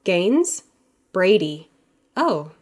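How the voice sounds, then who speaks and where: An earnest, friendly young intern, as a woman reading an audiobook gives her a slightly brighter, lifted voice. She speaks plainly, with no heavy character put-on. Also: fairly low pitch, big pitch swings, extremely slow, exaggerated voice.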